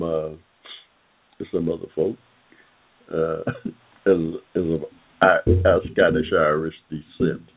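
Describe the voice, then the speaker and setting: Man, very deep voice, rambling talk-show host, thin phone-line sound. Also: creaky. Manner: rambling, frequent "uh" fillers, addresses listeners as "y'all". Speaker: online forum host. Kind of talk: casual talk-show commentary.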